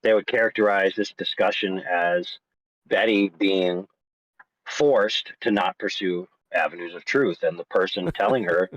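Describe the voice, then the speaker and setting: A man's voice: deep voice, a little slow, dry recording. A man on a live online panel, rambling through long points with fillers. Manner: rambling, fillers like "you know, like". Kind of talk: casual discussion. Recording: dull dry call audio.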